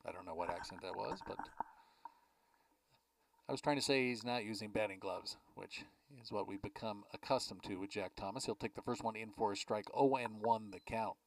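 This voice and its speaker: A man calling a baseball game play by play from a ballpark press box, chatting easily between pitches. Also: fairly quick, gravelly, no echo, recorded from a distance, low-quality recording. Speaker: play-by-play announcer.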